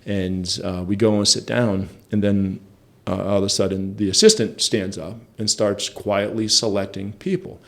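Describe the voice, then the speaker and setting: A man's voice: lowish voice, moderate pace, creaky, fairly bright tone. A man telling a story in a casual interview, chatty and self-deprecating. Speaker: interview guest.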